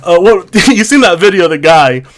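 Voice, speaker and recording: Giggly high-voiced man, constantly laughing. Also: moderate pace, a little hiss or hum. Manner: laughs constantly, giggly and excitable, stumbles over words. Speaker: podcast co-host. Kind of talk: casual chat.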